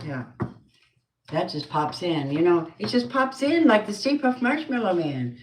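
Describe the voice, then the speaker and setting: A woman's voice: lowish voice, big pitch swings, measured pace, reverberant, a little hiss or hum, poor audio. A woman giving a spoken tarot reading with prayers, blunt and earthy, muttering asides to herself. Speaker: tarot card reader.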